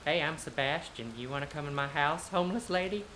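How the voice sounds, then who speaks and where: A woman's voice: low voice, brisk, fairly bright tone, slight background noise. A woman voicing an awkward, naive male toymaker in a silly sketch with music underneath. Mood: eager.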